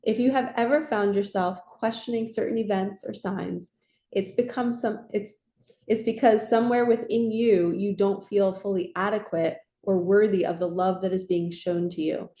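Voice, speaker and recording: Mellow-voiced woman reading oracle cards. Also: medium pitch, steady tone, moderate pace. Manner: soft, reassuring and affirming. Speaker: tarot and oracle card reader. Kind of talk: casual spiritual card reading. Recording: echoey room.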